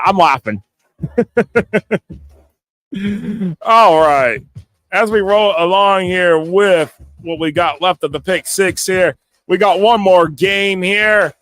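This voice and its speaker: A man hosting a casual live sports talk show, excitable and stammering, often laughing and reading viewer comments aloud. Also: fairly high pitch, no echo.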